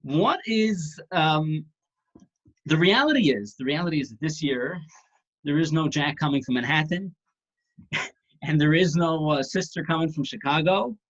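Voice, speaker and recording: A man's voice: fairly high pitch, lively intonation, unhurried, a bit bright. A man casually teaching an online class, talking conversationally with restarts and the odd joke. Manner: conversational, tells jokes, restarts phrases. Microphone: video call. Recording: dull lo-fi video call audio.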